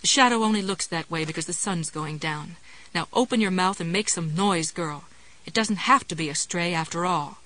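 A woman's voice: fairly low pitch, moderate pace, few pauses, bright, forceful tone, rough recording. Woman voicing a trapped woman screaming for help. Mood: self-scolding. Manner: scolding herself, then screaming for help. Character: frightened woman trapped alone, desperate.

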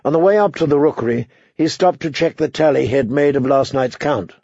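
A man narrating an audiobook in a steady storytelling manner. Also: medium pitch, a little fast, gravelly, husky, no room sound. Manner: steady storytelling, voices characters. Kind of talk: scripted narration. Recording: dry, slightly dull recording.

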